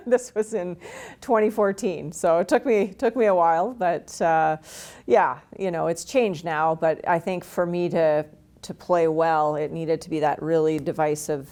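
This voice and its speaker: Talking at a normal speed, this retired Canadian hockey player in her forties has a low, creaky, somewhat mellow voice. In an interview she shares stories openly, pokes fun at herself, and laughs a lot.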